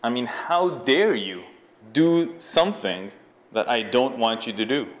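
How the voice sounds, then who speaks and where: A man's voice: medium pitch, lively intonation, unhurried, close to an everyday voice. A man sarcastically imitating an indignant, entitled young woman in a mocking whine.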